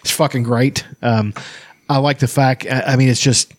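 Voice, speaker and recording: A man's voice: mid-range voice, steady tone, normal speed, no room sound. Guy rambling on in a casual chat, swears a lot, trips over his words, dry close sound. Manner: rambling, profane, many restarts and fillers.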